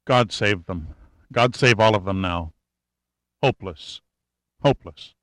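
Man doing a determined military major, urgent, pressing, a bit higher, forceful. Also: a little slow, no echo. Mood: despairing. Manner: pressing and insistent.

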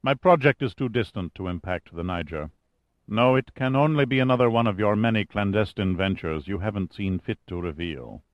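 A man voicing a suave, calculating male schemer who speaks in a smooth, purring way. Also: on the low side, animated, normal speed, no echo, dull audio, lightly acted. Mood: smug.

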